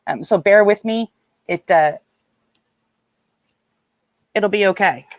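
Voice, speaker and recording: A woman's voice: mid-range voice, slow pace, no room sound. A woman from Nova Scotia, hosting a casual live stream, chatty and rambling as she greets viewers by name. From Nova Scotia, Canada. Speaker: livestream host.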